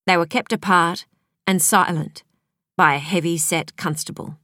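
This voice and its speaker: A woman reading a crime novel aloud as audiobook narrator, in a measured, even storytelling manner. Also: on the low side, no echo, studio quality. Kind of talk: scripted narration.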